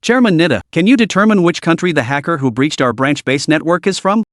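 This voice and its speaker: A man's voice: a little high, animated, brisk, no room sound, clean studio sound, lightly acted. A man voicing a sinister, suave male hacker mastermind in a storybook reading, smug and faintly mocking.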